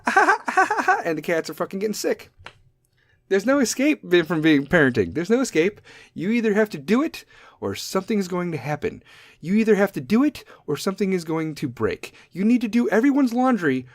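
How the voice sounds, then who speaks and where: A middle-aged man hosting a podcast, ranting profanely about parenting and drifting off on tangents. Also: dry recording. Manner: profane, tangent-prone, mimics kids in high squeaky voices. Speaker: podcast host. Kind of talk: profane comedic rant.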